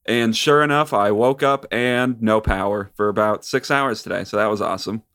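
A man co-hosting a podcast over a video call, telling stories in a relaxed, wry way. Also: on the low side, normal speed. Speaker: podcast co-host. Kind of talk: casual podcast chat.

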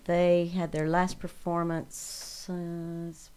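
A woman with a very low, deep voice talks casually as a podcast guest. She speaks haltingly, restarting her sentences as she hunts for the right words. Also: little pitch movement, a crowd in the background. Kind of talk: casual chat.

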